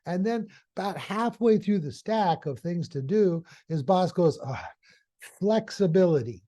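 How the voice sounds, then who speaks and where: Male hypnotherapy trainer, folksy and animated, slightly high pitch with a mellow tone. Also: measured pace. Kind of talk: storytelling lesson.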